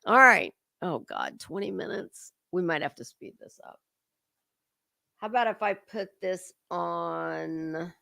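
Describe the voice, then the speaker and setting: A woman's voice: fairly low pitch, big pitch swings, takes it slowly, vocal fry, sharp tone, dry recording, studio quality. A woman hosting a casual livestream commentary, chatty and swearing freely as she greets her chat viewers by name.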